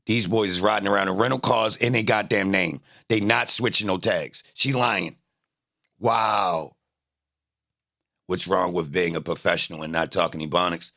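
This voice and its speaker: A man's voice: low voice, fairly even intonation, a little fast, gravelly, few pauses, bright, forceful tone. A man livestreaming, arguing with his chat in a confrontational, taunting way and repeating his jabs. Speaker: livestreamer reacting to trial footage. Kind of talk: casual live-stream commentary, arguing with chat.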